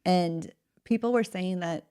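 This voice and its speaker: A woman's voice: on the low side, unhurried, dark tone, smooth. Playful joking woman co-host. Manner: joking, playful, emotional at times. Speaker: podcast co-host. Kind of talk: casual chat.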